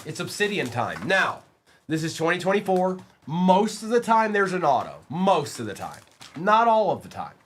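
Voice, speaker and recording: A young man chatting on a card-break live stream, talking in an unhurried way with a voice that swings up and down and sits a bit high. He calls out player names and gets excited as he opens packs. There is a faint noise under the recording. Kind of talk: casual live-stream chat.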